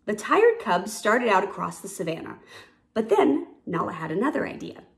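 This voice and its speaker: A woman's voice: medium pitch, sing-song, normal speed, creaky. Woman reading a kids story, lots of up and down in her voice.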